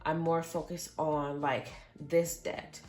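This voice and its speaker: Low-voiced woman chatting about budgets. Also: level tone, takes it slowly, a little mellow, faint music behind. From Michigan, USA. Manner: chatty, reads out exact figures, earnest. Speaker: budgeting vlogger. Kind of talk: casual budget update.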